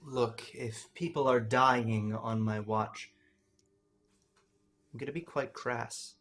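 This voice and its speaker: A man's voice: medium pitch, steady tone, slow, a bit bright. A man voicing a blunt, suspicious woman prison guard in a tabletop game, crass in manner.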